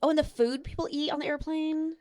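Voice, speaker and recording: A woman's voice: sits high, fairly even intonation, quick pace, warm tone, dry recording, clean studio sound. A woman co-hosting a casual podcast, asking playful teasing questions. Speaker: podcast co-host. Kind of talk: casual chat.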